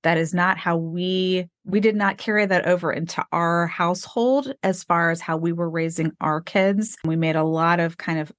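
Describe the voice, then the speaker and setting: A woman's voice: on the low side, moderate pace, hardly any pauses, no echo. A woman in her forties, a podcast guest, telling her story candidly and acting out the lines she quotes with animation. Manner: animated, acts out quoted dialogue.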